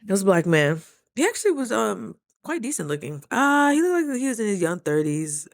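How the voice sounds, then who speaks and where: A woman vlogger telling stories to camera in a casual, animated, slangy way, acting out the voices of the people in them. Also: medium pitch, brisk, gravelly, no room sound, clean studio sound.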